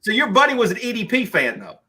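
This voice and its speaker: Male streamer host, casual rambling chat, raised pitch, bright tone. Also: huge pitch swings, quick pace. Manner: rambling, with frequent restarts and "like". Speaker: streamer hosting a live call-in.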